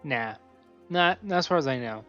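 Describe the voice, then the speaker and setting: A man streaming a game, chatting casually and narrating what he sees with excitement. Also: a little high, moderate pace, highs cut off, soft background music. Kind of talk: casual chat while gaming.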